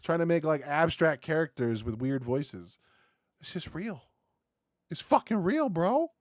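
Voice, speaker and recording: A man doing casual reaction commentary, rambling and excitable, swearing freely and tossing in dude and bro. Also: on the high side, measured pace, no echo, studio quality. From United States. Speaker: reaction video host.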